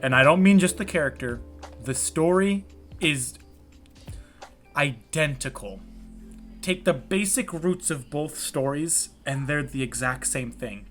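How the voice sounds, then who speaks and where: A man's voice: on the high side, unhurried, soft background music. A young man co-hosting a podcast, chatting casually and animatedly, rambling and swearing often. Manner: animated, swears a lot, rambling with many fillers. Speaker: podcast co-host. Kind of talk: casual chat. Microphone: remote call mic.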